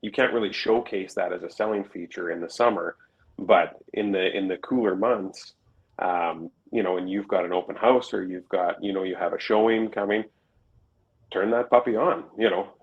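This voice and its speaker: Low-voiced man chatting on a podcast. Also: normal speed, lo-fi sound. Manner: conversational, explains with everyday examples. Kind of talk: casual chat.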